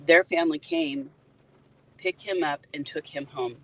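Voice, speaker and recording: A middle-aged woman, an EMT and grieving mother, gives an emotional first-person account from a parked car by the road, earnestly recounting details and pointing out spots. Her lowish voice is sing-song, a little slow, a bit bright, with vocal fry, on a low-quality recording.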